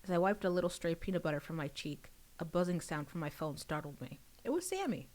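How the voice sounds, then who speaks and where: A woman reading her own novel aloud on a livestream, pausing for casual chatty asides. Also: fairly low pitch, animated, darkish tone.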